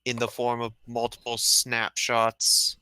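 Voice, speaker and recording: Man co-host, slow drawl, bright tone, swears casually. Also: mid-range voice, completely flat delivery, smooth, dry recording. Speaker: stream co-host. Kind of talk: casual late-night stream banter.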